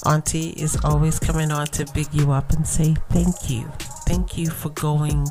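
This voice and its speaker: A woman's voice: deep voice, little pitch movement, normal speed, warm tone, faint music behind. A woman hosting her own podcast in a chatty, affirming way, often asking her listeners "right?", sounding tired. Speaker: podcast host. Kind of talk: casual solo podcast talk.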